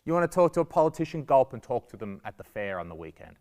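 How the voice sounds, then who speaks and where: An Australian man talks to a class like a stand-up comic, jokey and animated, slipping into quick put-on voices for his stories. His voice sits at an ordinary middle pitch. The sound carries a long reverb, as if in a hall. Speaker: comedian giving a guest lesson. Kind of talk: lively stand-up style talk to students.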